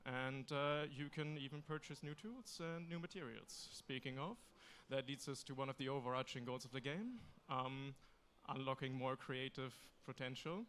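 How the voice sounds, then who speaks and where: A man pitching his game on a convention stage, explaining it steadily with a few fillers. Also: normal speed, few pauses, fairly bright tone, a little hiss or hum.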